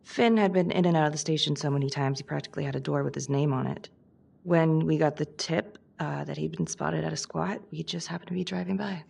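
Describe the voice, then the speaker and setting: An actress voicing a tough, defensive police detective in a game who answers curtly. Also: female voice, deep voice, fairly even intonation, a little fast, gravelly, darkish tone, husky, full character voice. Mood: guarded. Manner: curt, defensive.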